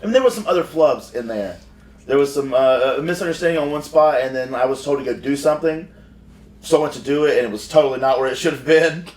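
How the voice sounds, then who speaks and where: A male wrestler tells a rambling, profane backstage story in casual podcast talk. His voice sits at an ordinary pitch. The room is echoey and the mic sits a fair way off. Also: fast, darkish tone. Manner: rambling, profane, frequent restarts. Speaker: professional wrestler. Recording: roomy sound from far off.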